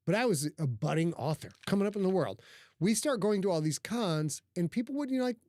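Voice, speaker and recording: A man hosting a podcast, telling stories in a casual, profane, animated way. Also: high voice, brisk, dry recording, clean studio sound. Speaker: podcast host. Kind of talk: casual storytelling chat.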